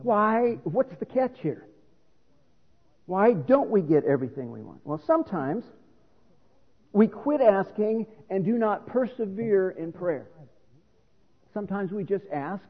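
High, husky, and animated, the voice of this middle-aged pastor moves unhurriedly with long pauses. He preaches and explains scripture in an earnest, instructive way, captured in a reverberant hall on a phone-like line.

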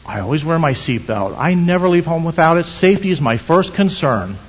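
A preacher acting out a self-righteous husband caught speeding, loud and indignant. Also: male voice, on the high side, big pitch swings, a little fast, breathy edge, voice pushed up. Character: boastful middle-aged husband caught speeding. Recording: dull sound in echoey hall.

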